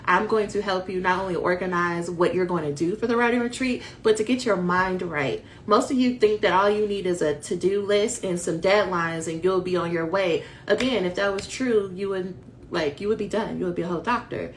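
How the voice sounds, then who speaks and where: Woman, low-pitched, emphatic motivational coach, talks to viewers as y'all, livestream webcam audio, faint background hiss. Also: fairly quick. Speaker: dissertation coach hosting a livestream.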